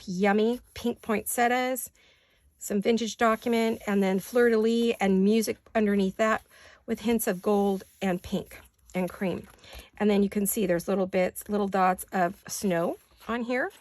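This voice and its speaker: A woman's voice: medium pitch, steady tone, measured pace, darkish tone, dry recording. A woman hosting a crafting video in her home studio, chatting casually and gushing over each page with repeated words of praise. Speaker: crafting channel host. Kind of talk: casual show-and-tell chat.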